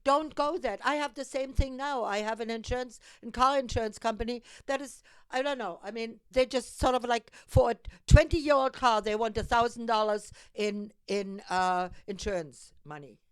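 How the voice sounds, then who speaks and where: A European woman hosts her own civic call-to-action show, delivering an impassioned monologue straight to camera that urges listeners to get engaged. Her slightly high voice is smooth and moves at a normal speed with hardly any pauses. The tone is urgent and exhorting, full of emphatic repetitions, with no room sound.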